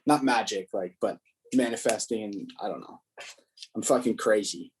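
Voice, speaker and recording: This young adult man is a stand-up comedian talking loosely on a podcast. His voice runs on the low side at a moderate pace, with a bit of hiss or hum. He rambles through stories and swears plenty.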